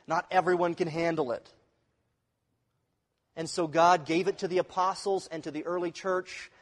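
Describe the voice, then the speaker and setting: A pastor giving a sermon in a conversational way, asking the congregation questions. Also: male voice, on the high side, little pitch movement, normal speed, in a large hall.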